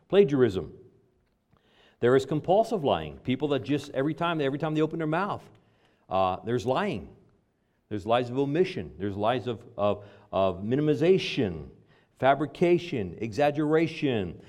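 A middle-aged male pastor preaching a sermon, emphatic and repetitive, dropping low and quiet to stress key words. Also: big pitch swings, normal speed.

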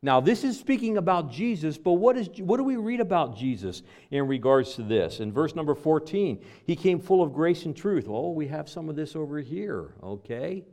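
Emphatic middle-aged preacher, lively pitch. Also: male voice, moderate pace, hardly any pauses. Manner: emphatic, repetitive, drops low and quiet on key words. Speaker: pastor. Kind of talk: sermon.

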